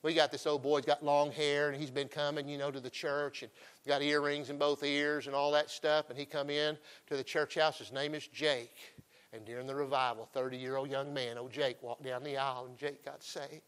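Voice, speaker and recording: A middle-aged man preaching a folksy revival sermon, emphatic and swinging between loud calls and hushed asides. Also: a little high, little pitch movement, normal speed, clear, resonant tone.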